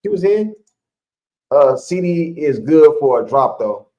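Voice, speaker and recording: A man's voice: fairly high pitch, sing-song, a little slow, warm tone, muffled recording. A man co-hosting a live sports stream, chatting casually in slang with his viewers and laughing often.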